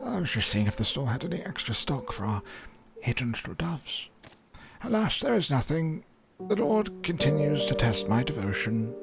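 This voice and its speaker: A pious older village pastor, with a voice that rises and falls dramatically as he gently chides and preaches. He sounds like game dialogue, with loud music swelling underneath. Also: mid-range voice, big pitch swings, normal speed, creaky.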